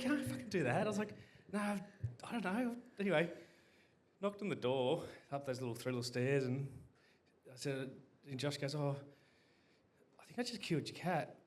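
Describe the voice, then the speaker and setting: A man spins a rambling, sweary yarn for a live crowd, his pitch leaping all over the place. He keeps falling back on "anyway" and laughs through his own story in a bright, sharp voice. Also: slight background noise. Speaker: guest telling a story on stage. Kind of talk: crowd-facing comic yarn.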